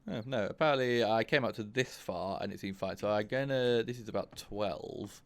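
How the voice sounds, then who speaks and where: Male let's-play host, low and gravelly, casual thinking-aloud commentary with bursts of cursing. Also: normal speed. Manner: thinks aloud, grows frustrated and swears. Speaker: gaming channel host.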